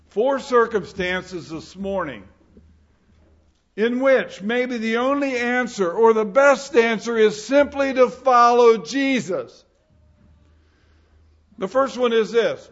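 A man preaching a sermon, earnest and emphatic, rising and falling in loudness for effect. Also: extremely high pitch, slow, pauses often, muffled recording.

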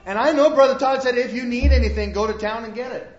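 A man voicing a young male worker who pleads and makes excuses, his voice pitched high. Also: fast talker, echoey room. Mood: whiny. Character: young male worker, whiny and self-serving. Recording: dull lo-fi sermon recording.

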